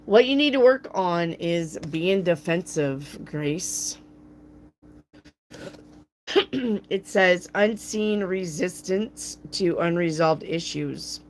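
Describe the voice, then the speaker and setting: A woman with a gruff, raspy voice, hosting a live tarot reading and chatting playfully with viewers by name. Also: on the low side, expressive, slow pace, a little hiss or hum. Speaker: tarot reader, channel host. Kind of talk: live-stream tarot reading, answering chat.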